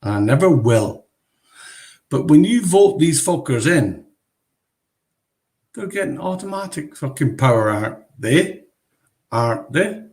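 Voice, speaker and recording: A man's voice: fairly high pitch, very animated, measured pace, pauses often, a little mellow. Guy ranting on a video call, swears a lot, voice jumps all over. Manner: profane, ranting. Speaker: livestream host. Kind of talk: casual chat.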